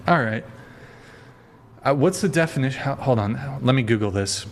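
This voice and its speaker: A man hosting a podcast who talks bluntly and swears freely. His voice sits at an ordinary middle pitch. He teases and lectures his guest in casual chat. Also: lively intonation, normal speed, slight background noise. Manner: blunt, profane, teasing. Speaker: podcast host.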